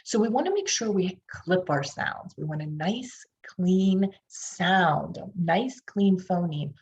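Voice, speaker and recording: Reading specialist, woman, Pittsburgh accent, lowish voice, demonstrating sounds for tutors. Dull lo-fi audio. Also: expressive, takes it slowly, a little mellow. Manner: demonstrates sounds, coaches the audience to repeat. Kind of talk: tutor training lecture. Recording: dull lo-fi online session audio.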